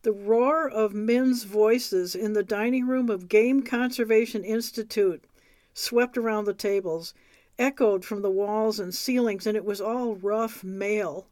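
A woman reading a memoir aloud in a measured, wry way. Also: medium pitch, steady tone, darkish tone, no room sound, studio quality. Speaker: reader.

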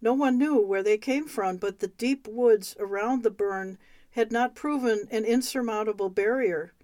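A woman reading a memoir aloud, unhurried and clear. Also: a little high, a little mellow, dry recording. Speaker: reader of memoirs.

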